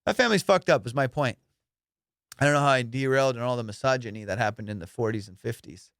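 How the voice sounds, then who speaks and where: A young adult man with a mid-range voice hosts a podcast at a quick pace, recorded in studio quality with no echo. An immigrant raised abroad, he tells comedic stories in a casual, profane, animated way and acts out both sides of each conversation.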